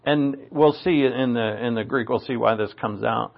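A man's voice: medium pitch, normal speed, creaky. A man teaching a Bible passage from the Greek, explaining and emphatic, often restarting his phrases. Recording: dull lo-fi recording.

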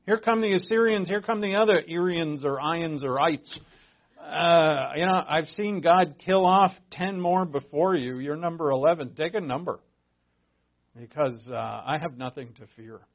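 A man with a gravelly, slightly high voice preaches in a conversational sermon style. He leans hard on key words and breaks off into asides. The recording sounds dull and lo-fi. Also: measured pace. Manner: conversational, emphatic, frequent restarts and asides. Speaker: pastor. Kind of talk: casual sermon. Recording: dull lo-fi audio.

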